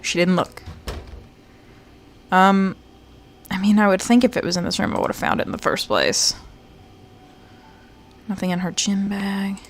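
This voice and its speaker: Woman streamer, chatty and playful, mid-pitched, muses aloud while she plays. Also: steady tone, unhurried, long pauses. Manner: chatty, playful, talks to herself while searching; slips into mock-British phrasing for fun. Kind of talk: casual live-stream game commentary.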